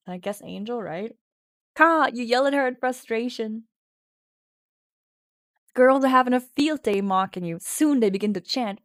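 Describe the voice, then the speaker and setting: A playful woman streamer reads a text adventure aloud at an unhurried pace. She is giggly and often breaks into loud mock shouting. Her voice is close and dry at a desk mic, with no room sound. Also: a little high, dry recording. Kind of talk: casual livestream, reading a text adventure aloud.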